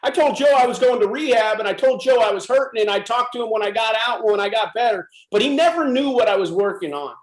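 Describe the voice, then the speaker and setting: A middle-aged man from the USA gives a frank, emphatic personal testimony. His voice sits high for a man. The recording carries a noticeable room echo. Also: fast talker, hardly any pauses. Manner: intense, emphatic storytelling. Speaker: speaker at a club presentation.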